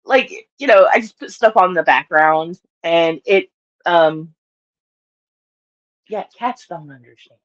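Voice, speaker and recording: A woman's voice: fairly low pitch, slow pace, pauses often, lo-fi sound. Chatty Southern woman live-streaming. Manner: chatty and rambling, laughs often, Southern phrasing. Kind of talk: casual live-stream chat.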